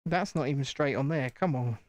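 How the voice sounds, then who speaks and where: A man's voice: mid-range voice, fairly quick, a little mellow, no room sound. British man, streamer chat, chatty, self-deprecating, dry room. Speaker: channel host. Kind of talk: casual live-stream chat while building.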